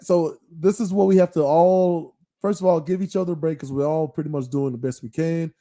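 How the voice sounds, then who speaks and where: His pitch sits fairly high and his tone is mellow. This middle-aged podcast co-host talks earnestly in a casual chat, going over his points again and frequently asking "right?"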